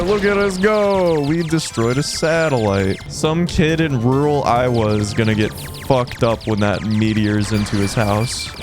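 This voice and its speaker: A young man giving gameplay commentary with live reactions, excitable, swearing and yelling at the game. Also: medium pitch. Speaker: gaming video creator. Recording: game music playing behind the voice.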